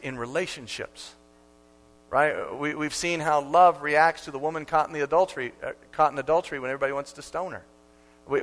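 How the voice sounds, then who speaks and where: A pastor delivers a sermon in a slightly high voice, emphatic and repeating key lines for effect, swinging suddenly from quiet to loud.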